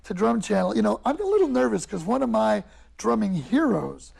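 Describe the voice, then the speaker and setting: A middle-aged man with a high voice and a heavily gravelly, rough edge. He talks in an animated, joking way, breaking into drum sounds and funny voices. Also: brisk. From Detroit, US. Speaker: guest drummer. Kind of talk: casual chat.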